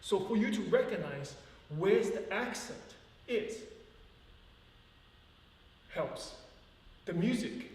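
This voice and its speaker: A man's voice: high voice, lively intonation, slow, long pauses, darkish tone. Male ballet teacher, earnest, counts out rhythms; heard from across a long-reverb hall. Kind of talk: teaching a live ballet class. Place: large echoey dance studio. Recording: far-off voice in an echoey hall.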